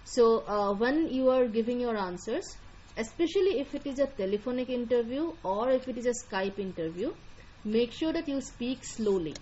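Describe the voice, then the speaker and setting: A woman's voice: a little high, animated, normal speed, dark tone, muffled recording, slight background noise. A woman with an Indian accent, an admissions counselor giving a live online lecture in a directive way, repeating her key points.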